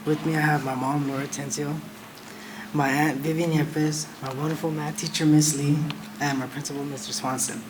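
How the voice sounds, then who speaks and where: A man's voice: on the high side, flat delivery, normal speed, background noise. A young man in his late teens, a student award winner, nervously reading a prepared speech with small laughs.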